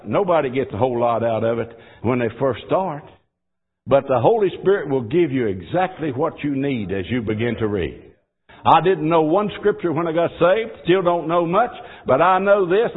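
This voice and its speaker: A man preaching a sermon. He moves between quiet, folksy asides and loud, fervent exhortation. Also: on the high side, lively intonation, normal speed, breathy edge. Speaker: pastor. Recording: tinny phone-like audio.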